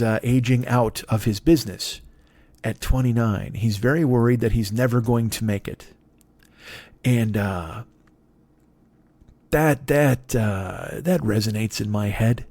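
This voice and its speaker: A man's voice: medium pitch, a little mellow, no echo. A man in his fifties hosting a comedy podcast, rambling in a profane, self-deprecating monologue. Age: 50s. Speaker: podcast host.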